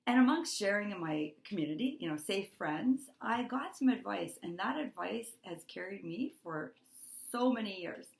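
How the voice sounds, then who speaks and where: Middle-aged woman, wellness coach, heartfelt, gravelly edges, roomy echo. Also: medium pitch, expressive, normal speed, few pauses. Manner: earnest, heartfelt, repeats phrases for emphasis. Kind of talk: motivational talk to course members.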